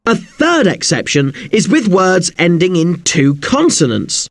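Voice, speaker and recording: Slow, lively-pitched male English teacher. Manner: spells words out letter by letter, slow and deliberate. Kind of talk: spelling lesson.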